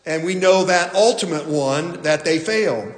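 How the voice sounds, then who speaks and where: A man preaching a sermon as pastor, telling a story slowly with some fillers and restarts. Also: a little high, roomy sound, in a large hall.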